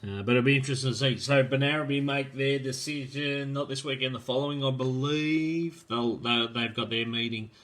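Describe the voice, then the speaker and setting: Male host, casual live-stream chat, rambling and friendly, bright tone. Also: mid-range voice, fairly even intonation, brisk, few pauses. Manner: rambling, filler-heavy, friendly, calls people mate. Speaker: host of a live drag racing show.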